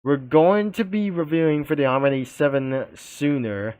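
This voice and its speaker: A man's voice: fairly high pitch, normal speed, a little mellow, smooth, no room sound. A young man giving casual, rambling commentary on his own channel while browsing a website, with loose phrasing and many fillers. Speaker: YouTuber. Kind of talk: casual screen-recording commentary.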